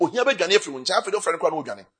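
A man's voice: high-pitched, very animated, very fast, pushed and bright, husky. A man preaching a sermon with a Ghanaian accent, switching between Twi and English and rising into bursts of emphasis. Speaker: pastor.

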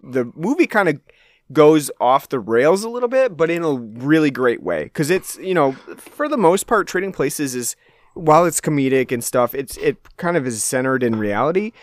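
A man co-hosting a casual film chat, talking in loose, rambling sentences full of "like" and "you know." His voice sits at an ordinary pitch, recorded dry and close with no room sound. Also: moderate pace, no room sound. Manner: rambling, filler-heavy, relaxed. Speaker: podcast co-host. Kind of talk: casual movie discussion.

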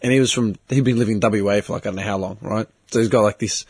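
A man's voice: lowish voice, fairly even intonation, very fast, darkish tone, breathy edge. A man, ranting bluntly and swearing in a casual chat as host.

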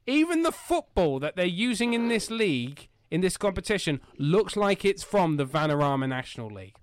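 A man's voice: high-pitched, big pitch swings, normal speed, no echo. A man hosting a casual football podcast from home, joking and rambling with lots of fillers. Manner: jokey and rambling, with many fillers. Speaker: podcast host.

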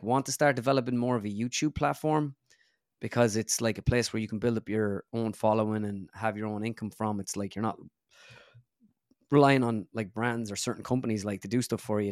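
A young Irish comedian and impressionist from the Midlands is a guest in a casual interview, running his sentences together and using lots of fillers. His voice is mid-range, with no echo and studio-quality sound.

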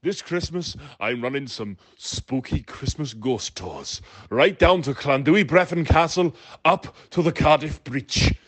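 A man doing an impression of a famous male singer pitching a ghost tour in a spoof radio ad, booming and drawn out. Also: lively intonation, measured pace, few pauses. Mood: hammy.

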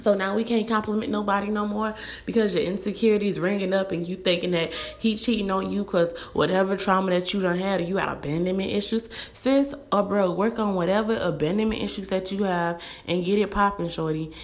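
A young woman talks straight to her audience in a blunt, animated rant. She speeds through her points and acts out little quoted asides. Her voice sits at an ordinary middle pitch for a woman. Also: moderate pace. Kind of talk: casual rant to camera.

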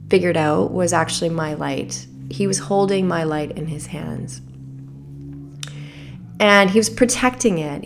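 A woman's voice: mid-range voice, creaky. A woman coach who is a parent, telling a personal story in a candid and emotional way, with restarts and small laughs. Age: adult parent. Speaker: life coach.

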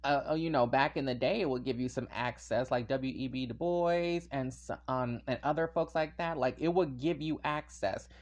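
A man's voice: medium pitch, normal speed, hardly any pauses. A man hosting a podcast on his own, talking casually and animatedly, wandering into tangents and laughing often. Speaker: podcast host. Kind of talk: casual solo podcast monologue.

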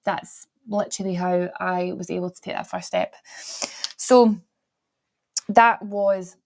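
A woman's voice: lowish voice, steady tone, slow pace. A young woman with a mild Glaswegian accent, hosting a solo podcast and rambling through her own story with restarts and laughs. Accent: mild Glaswegian Scottish. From Glasgow, Scotland. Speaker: podcast host.

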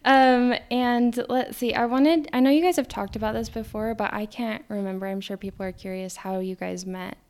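A woman from Idaho hosting a casual podcast interview, upbeat and quick to laugh. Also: a little high, fairly even intonation, a little mellow, smooth. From Idaho, USA. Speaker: podcast host.

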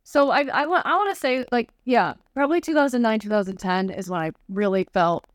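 A woman's voice: fairly high pitch, fairly quick, no room sound, clean studio sound. A woman from Chicago chatting as a podcast guest, full of "like" fillers and acted-out quotes. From Chicago, USA. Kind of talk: casual chat.

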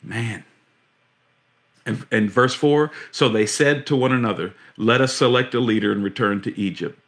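A man's voice: mid-range voice, normal speed, a bit bright. A man preaching a sermon with passion and emphasis, acting out the voices he quotes and repeating words as he builds each point.

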